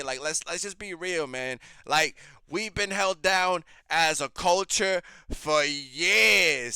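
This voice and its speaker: A man's voice: fairly high pitch, bright, forceful tone, smooth, no echo. A man hosting a reaction show, ranting in blunt, heated, profane commentary.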